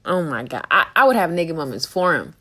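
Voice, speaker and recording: A woman's voice: low voice, sing-song, fast talker, bright, forceful tone. A woman co-hosting a podcast, talking candidly and with plenty of swearing, exasperated and laughing often. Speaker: podcast co-host. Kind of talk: casual opinion chat.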